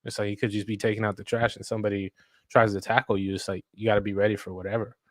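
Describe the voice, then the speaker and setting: A man's voice: fairly low pitch, level tone, racing, dry recording, clean studio sound. A man co-hosting a podcast, casually telling a story with lots of fillers and acted-out quotes. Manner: rambling storyteller, acts out quotes, many fillers. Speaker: podcast co-host. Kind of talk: casual chat.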